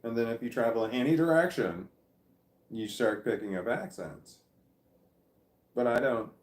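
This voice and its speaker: This is a Midwestern American man's rambling vlog, full of self-deprecation and lost threads. He has an expressive, slightly mellow medium-pitched voice and a moderate pace; the sound is reverberant, caught by a phone or camera nearby.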